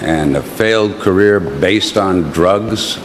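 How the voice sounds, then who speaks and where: A man giving a dry, sardonic reply to his roasters, halting over his words. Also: low-pitched. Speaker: guest of honor at a roast. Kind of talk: roast response speech. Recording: noisy room with a loud crowd.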